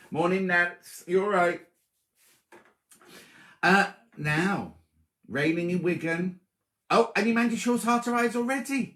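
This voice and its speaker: A man's voice: high-pitched, a bit bright. A man hosting a sewing livestream, chatting casually and teasing as he greets viewers by name. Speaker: sewing show host. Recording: roomy echo.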